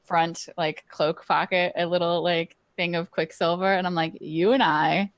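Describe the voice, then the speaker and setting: A woman's voice: lowish voice, little pitch movement, moderate pace, clear, resonant tone. A woman playing a tabletop role-playing game, playful and often laughing. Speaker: player.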